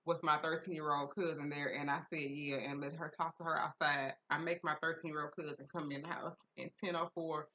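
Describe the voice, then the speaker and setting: A woman hosting a casual podcast tells a listener's story. Her voice is bright and sits a little low. She swears freely and keeps bursting into loud laughter. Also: a little fast, hardly any pauses, muffled recording. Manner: profane, laughs loudly, swings from flat reading to shrieking. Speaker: podcast host reading listener letters.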